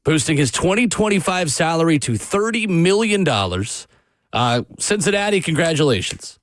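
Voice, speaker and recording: A man's voice: a little high, sing-song, moderate pace, no echo. A man hosting sports radio talk, with a dry, sarcastic delivery.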